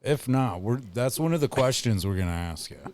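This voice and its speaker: Slow, rambling male podcast host. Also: mid-range voice, a little mellow. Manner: rambling, filler-heavy, laughs often. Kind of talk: casual podcast chat.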